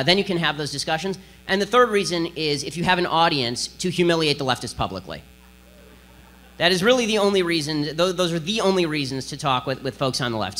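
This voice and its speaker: Rapid-fire combative man. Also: a little high, pushed and bright. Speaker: political speaker giving a lecture. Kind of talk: speech to an audience.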